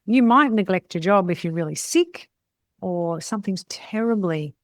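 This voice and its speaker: Coaching salon owners in a casual way, a middle-aged woman speaks bluntly and chattily, tagging points with "right?". Her lowish voice is animated at normal speed, and the recording is dry.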